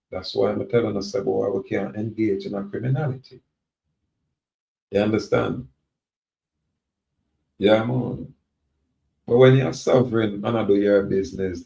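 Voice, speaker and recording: Gravelly Jamaican man, defiant monologue. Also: lowish voice, mellow. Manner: defiant, preachy, repetitive. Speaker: self-styled sovereign speaking to viewers. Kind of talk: rambling monologue. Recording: roomy, dull lo-fi recording.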